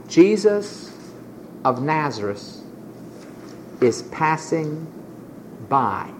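A preacher delivering a sermon in an emphatic, dramatic way, dropping to low murmurs and rising to high exclamations as she acts out the people in the story. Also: sing-song, slow, long pauses.

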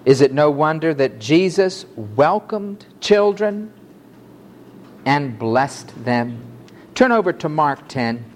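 A man preaching a fiery sermon to a congregation, swinging from loud outbursts to low, quiet asides. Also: animated, slow pace, a little hiss or hum. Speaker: pastor.

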